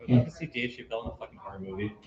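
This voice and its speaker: A man tossing quick, quiet asides into a casual podcast chat about movies. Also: medium pitch, expressive. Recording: echoey room, distant mic, dull sound.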